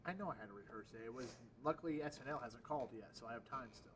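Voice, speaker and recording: A man co-hosting a casual chat, talking quickly and using lots of filler words. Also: medium pitch, a bit bright, far from the mic, a little hiss or hum, rough recording. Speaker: co-host.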